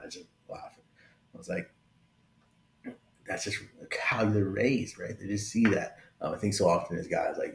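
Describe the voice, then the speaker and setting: This tech video host is a man in his late twenties to early thirties with a low-pitched, creaky voice, recorded in an echoey room. His vlog is casual and chatty, warm and open, and he often tosses in a "right?" to check in.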